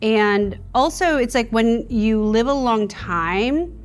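A woman's voice: fairly high pitch, expressive, slow, faint music behind. A woman in her fifties, a comedian guest in a casual interview, talking in a reflective way. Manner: reflective, drops to a breathy whisper for emphasis.

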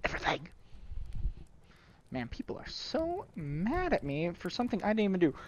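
A man's voice: high-pitched, huge pitch swings, moderate pace, a little hiss or hum. A man voicing an indignant, ranting man with a put-on Brooklyn accent. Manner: ranting, defensive, repetitive.

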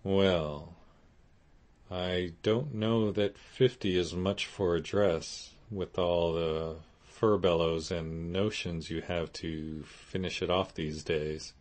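A man reading an audiobook voices a kind young husband, speaking in a measured, dry way. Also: low voice, fairly even intonation, darkish tone. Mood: restrained.

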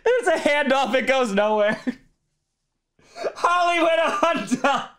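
A male streamer reacting live to a football game, who keeps breaking into helpless laughter. His voice sits high and swings widely. He talks slowly, with long pauses between his words. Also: animated, a bit bright. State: laughing fit.

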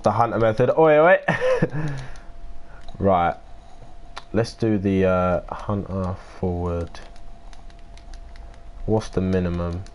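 A man's voice: sits low, slow, long pauses, slight background noise. 19 y/o british guy streaming, chats w viewers, swears n grumbles a lot. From United Kingdom. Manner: chatty, reads out and answers viewer messages; swears and grumbles while playing. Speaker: live streamer. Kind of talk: casual live-stream gameplay chat.

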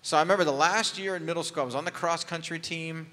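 Male pastor, fairly high bright voice, chatty candid storytelling, long church reverb. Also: quick pace. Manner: candid, conversational storytelling with humor. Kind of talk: storytelling sermon. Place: church sanctuary.

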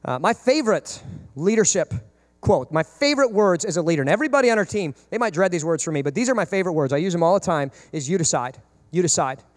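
A man in his thirties, a pastor preaching a sermon, animated and acting out quoted parents and kids. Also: sits high, fast talker, in a large hall.

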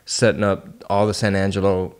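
Slangy, animated man. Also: low voice, normal speed, clean tone. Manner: casual, slangy, animated when telling stories. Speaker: podcast host. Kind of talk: casual podcast chat.

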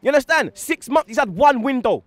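Young guy going off about his team, high voice, bouncing all over, slangy and loud. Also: expressive, no echo. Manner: fast, emphatic, slang-heavy, repeats "blood" and "yeah". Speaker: football fan giving post-match reaction. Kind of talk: heated post-match fan rant.

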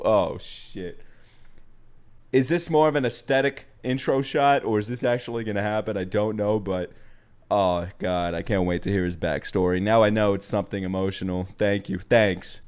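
Excitable young man reacting to anime. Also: medium pitch, clear, resonant tone. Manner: excitable, swearing, bursts into laughs and shouts. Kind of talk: casual reaction commentary.

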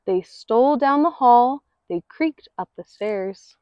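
A woman reading a picture book aloud in an expressive, rhythmic way. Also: a little high, slow, clean tone, no room sound. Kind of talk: read-aloud storytelling. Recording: dull lo-fi recording.

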